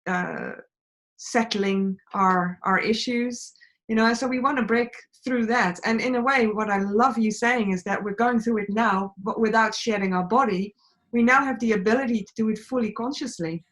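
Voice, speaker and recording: A woman's voice: fairly high pitch, normal speed, a bit bright. A woman filmmaker on a discussion panel, reflecting in an earnest and heartfelt way.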